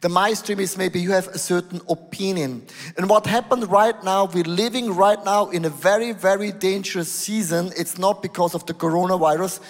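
Emphatic high-voiced male pastor in a reverberant hall. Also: steady tone, moderate pace. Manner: emphatic, switching between lowered tones and raised exclamations. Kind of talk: sermon. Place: church hall.

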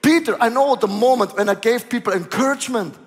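A man voicing a calm, patient male teacher figure who explains steadily. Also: extremely high pitch, fast, in a large hall.

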